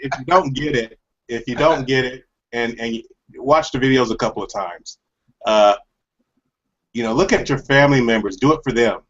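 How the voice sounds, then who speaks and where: A man's voice: medium pitch, moderate pace. A man on a video call giving an earnest, preachy motivational closing talk in casual, informal speech. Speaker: hangout participant. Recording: dull lo-fi video call audio.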